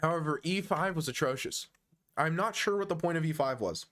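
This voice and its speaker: Young american guy streaming chess, kinda high voice, jokes around and teases chat. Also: a little fast, a bit bright. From United States. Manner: joking, teasing banter, chuckles often.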